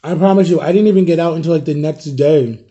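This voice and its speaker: A man's voice: a little high, fast, mellow, highs cut off. A man in his thirties telling a long personal story to his viewers in a casual, rambling way, full of fillers and talking straight to the audience. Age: 30s. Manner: rambling, filler-heavy, addresses viewers as guys. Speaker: vlogger. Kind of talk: casual storytelling while eating.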